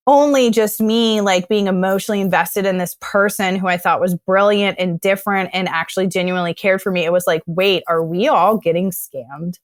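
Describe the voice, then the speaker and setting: A young woman telling her own story in casual chat, animated, often acting out what she said back then. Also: mid-range voice, dry recording, studio quality. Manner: animated, acts out her own past words.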